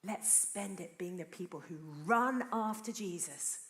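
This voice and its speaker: Woman preacher, mid pitch, earnest storyteller, roomy church echo. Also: a little slow. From Britain. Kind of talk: sermon.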